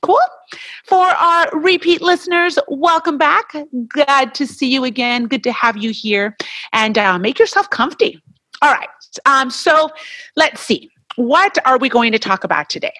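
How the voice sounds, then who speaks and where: A woman's voice: sits high, measured pace, no echo. A woman hosting a podcast, talking in a casual, chatty way and sometimes getting heated. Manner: animated, chatty, gets heated and laughs at points. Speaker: podcast co-host. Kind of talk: casual solo podcast talk.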